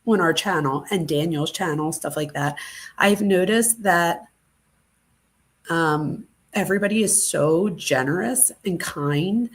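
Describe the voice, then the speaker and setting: A woman's voice: lowish voice, a little slow. A woman hosting a true crime livestream, gushing with thanks to her viewers and moved close to tears. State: teary, close to crying. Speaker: true crime channel host. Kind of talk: casual livestream chat.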